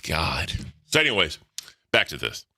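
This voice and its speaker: A man's voice: a bass voice, huge pitch swings, unhurried, vocal fry, sharp tone, no room sound, clean studio sound. A man hosting a podcast in casual, profane, rambling banter. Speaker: podcast host. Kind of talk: casual crude commentary.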